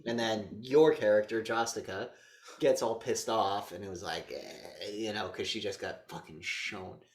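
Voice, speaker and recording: A man co-hosting a casual movie review podcast, talking in an animated, profane way and acting out scenes in quick voices. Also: lowish voice, echoey room. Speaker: podcast co-host.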